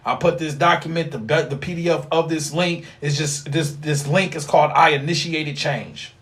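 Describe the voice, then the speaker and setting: A man holds forth on a casual livestream. His voice sits a bit high for a man, and he rambles in a loose, slang-heavy, profane way. He lectures his viewers like a street preacher. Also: fairly even intonation, normal speed, fairly bright tone. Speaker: livestream host teaching occult class.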